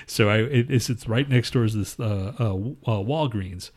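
A man's voice: lowish voice, a little slow, slightly rough. A man on a podcast rambling through a crude, profane story in casual chat. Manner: rambling, profane, animated retelling. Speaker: podcast co-host.

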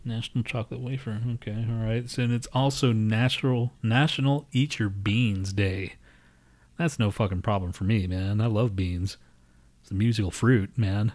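A man co-hosting a casual podcast, his voice sitting a little low. He talks crudely and swears constantly, laughing often. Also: fairly even intonation, moderate pace, darkish tone, dry recording. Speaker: podcast co-host. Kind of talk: casual chat.

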